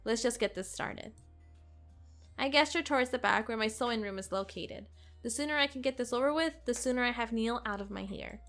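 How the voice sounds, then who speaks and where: A woman hosting a let's play, reading a visual novel aloud in an expressive, sarcastic way. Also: fairly high pitch, fast, faint music behind. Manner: expressive, sarcastic, occasional giggles.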